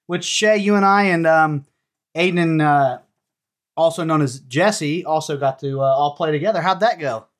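A woman's voice: low-pitched, normal speed. A woman hosting a casual podcast, teasing and encouraging her young guests. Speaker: podcast host.

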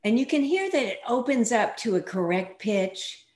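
A woman's voice: on the high side, animated, moderate pace, darkish tone, poor audio. A woman guest who works as a voice coach, explaining vocal technique in an interview and demonstrating exercises. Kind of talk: interview answers.

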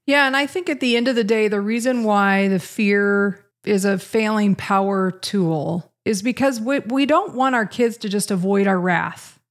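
A woman's voice: medium pitch, moderate pace, few pauses. A middle-aged woman co-hosting a podcast, talking candidly in a casual way and laughing at herself now and then. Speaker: podcast co-host, parent.

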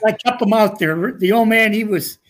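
A man's voice: high-pitched, unhurried, fairly bright tone. Older male guest, retired coach, folksy storyteller, chuckles often. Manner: folksy, chuckling anecdotes with quoted dialogue. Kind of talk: casual storytelling.

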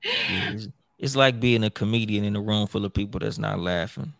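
Man, podcast host, rambling and profane, gravelly, dry room. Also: fairly low pitch, normal speed, fairly bright tone, no echo. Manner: profane, rambling, with many restarts. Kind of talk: casual chat.

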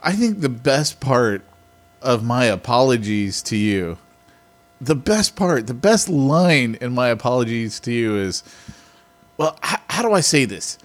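A man's voice: medium pitch, big pitch swings, a little slow. A man co-hosting a podcast in casual chat, joking and laughing as he talks. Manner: jokey, laughs while talking. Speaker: podcast co-host.

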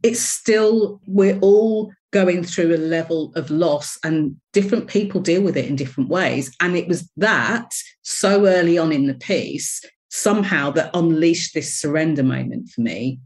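A woman with a fairly low voice tells her story as an interview guest. She speaks candidly and expressively. Her tone is reflective. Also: measured pace, few pauses, a little mellow. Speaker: interview guest, business coach.

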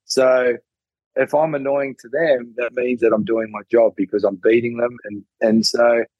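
A man's voice: mid-range voice, steady tone, moderate pace, no room sound, dull audio. A middle-aged man with an Australian accent, a former rugby player chatting casually as a guest and often calling people mate. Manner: laid-back, joking, says mate often. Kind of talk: casual interview chat.

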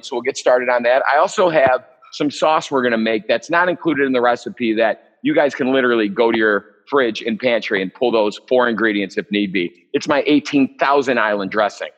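A man's voice: mid-range voice, a bit bright, poor audio. A man leading a live cooking demo as the chef, chatty and joking, with rambling asides.

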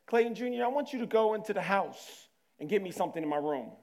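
A no-nonsense mother hands out orders to her son in a firm, high voice, as a man puts her on. She leaves no room for back talk. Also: lively intonation, quick pace, darkish tone.

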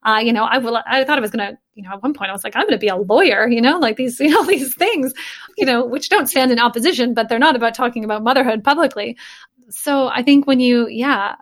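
A woman's voice: a little high, fast. A woman speaking earnestly and emotionally in a casual podcast conversation, thinking aloud with many fillers.

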